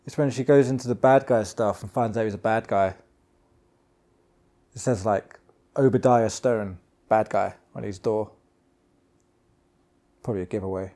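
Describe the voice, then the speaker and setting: A man's voice: lowish voice, fairly even intonation, normal speed, long pauses, dark tone. Field: man. Role: podcast host. Style: casual film commentary. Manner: rambling, jokey. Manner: rambling, jokey, talks to himself.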